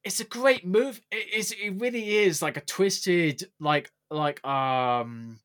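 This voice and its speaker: A man co-hosting a casual podcast chat, rambling and animated, laughing often. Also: high voice, slow. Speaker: podcast co-host.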